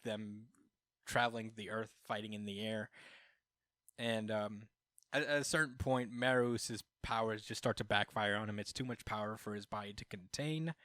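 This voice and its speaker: A man's voice: on the low side, a bit bright, no echo, studio quality. A man co-hosting a podcast, recapping a comic chapter in casual chat and acting out the characters' lines with laughter. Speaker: podcast co-host. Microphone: podcast microphone.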